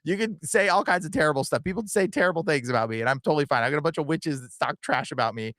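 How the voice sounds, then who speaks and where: On a livestream podcast, the young male host chats in an earnest, casual rush, leaning heavily on fillers, especially "bro" and "like." The pitch is fairly high, the tone fairly bright, and the sound dry.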